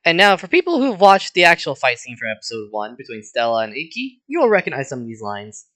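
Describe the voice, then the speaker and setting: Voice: mid-range voice, huge pitch swings, fast talker, pushed and bright. A performer narrating a fan roleplay reading, making casual, joking asides.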